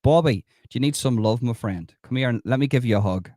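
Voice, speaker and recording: A man's voice: mid-range voice, a little fast, mellow, dry recording, studio quality. An Irish man hosting a livestream, talking emphatically to his viewers and reading out the chat, with plenty of repetition. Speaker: livestream host.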